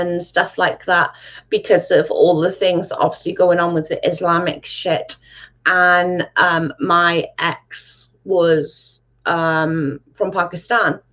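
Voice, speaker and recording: A woman's voice: on the low side, fairly bright tone. Blunt, swearing woman chatting. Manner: blunt, swears freely, lots of "like". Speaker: livestream host reading chat. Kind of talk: casual chat. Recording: dull lo-fi sound.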